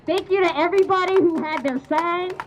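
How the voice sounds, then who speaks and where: A woman protester addressing a press conference outdoors in a parking lot, making forceful, repeated rallying appeals. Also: very high voice, brisk, dull audio, noisy background. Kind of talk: impassioned public address.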